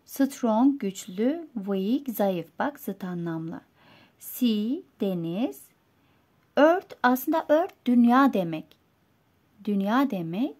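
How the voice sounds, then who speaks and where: A woman with a Turkish accent teaching English vocabulary and reading a simple story aloud, slow and clear, going word by word. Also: on the high side, lively intonation, a little mellow. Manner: slow, clear, explaining words one by one.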